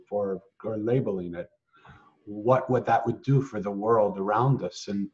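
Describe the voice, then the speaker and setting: A man's voice: medium pitch, dark tone. Man host, dull lo-fi sound. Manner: searching, rambling questions with restarts. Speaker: podcast host. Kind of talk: interview.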